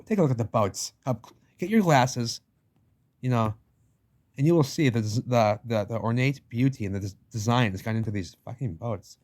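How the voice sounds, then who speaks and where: A man's voice: mid-range voice, normal speed, a little mellow. Man ranting emphatically over book pictures. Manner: emphatic, repetitive, swears casually; slangy, addresses listener as "baby". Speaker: channel host.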